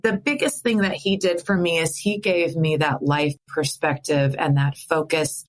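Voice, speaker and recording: Speaking at a moderate pace in a low voice, a middle-aged Midwestern woman on a podcast opens up about her grief. She's lively and frank, finding laughter even amid the sorrow.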